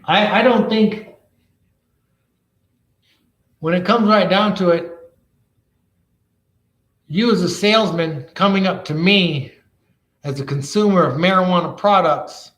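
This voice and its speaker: A man's voice: sits high, a bit bright. A man who reviews cannabis products, ranting bluntly and swearing constantly in casual talk. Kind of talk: casual profane rant. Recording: echoey room.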